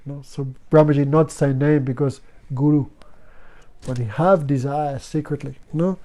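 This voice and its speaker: A fairly high-voiced man teaching a spiritual class to students. He talks in short, simple phrases of broken English and breaks into chanted verses. His tone stays patient and explanatory. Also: fairly even intonation, a little slow, dark tone. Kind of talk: devotional class talk.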